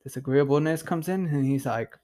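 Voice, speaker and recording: A man's voice: a little high, brisk, noisy background. A young man hosting a podcast, telling a rambling story in a loose, profane way, full of fillers and "dude". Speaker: podcast host. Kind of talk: casual storytelling.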